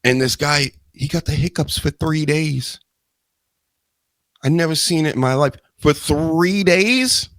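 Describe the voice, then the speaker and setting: A man's voice: on the high side, steady tone, normal speed, pauses often, a bit bright. A man hosting a live wrestling news show, talking in a rambling, joking way with self-mocking asides. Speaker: host.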